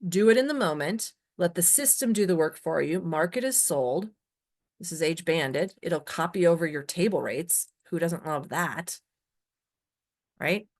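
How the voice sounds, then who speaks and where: A woman training users in a software webinar, emphatic and often checking in with "right?". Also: lowish voice.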